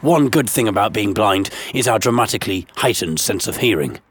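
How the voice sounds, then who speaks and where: Man, comic storyteller, wry and sarcastic, husky, expressive intonation. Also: fairly low pitch, fairly quick. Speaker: narrator and host of a comic series. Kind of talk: comic first-person storytelling.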